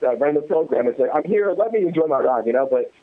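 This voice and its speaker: A man's voice: a little high, animated, fast talker. Laid-back man on a tinny phone line. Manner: amused, laid-back, lots of fillers. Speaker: guest. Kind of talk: casual chat.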